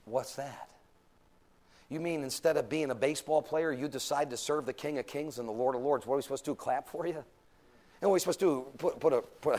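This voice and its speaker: A man preaching a sermon, moving from low, quiet stretches up to loud, high, near-shouted climaxes.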